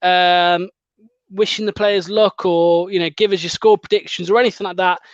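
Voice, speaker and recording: A man's voice: high voice, steady tone, moderate pace, dry recording. A man hosting a fan channel's live stream in casual, chatty conversation, laughing often. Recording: dull lo-fi dry stream audio.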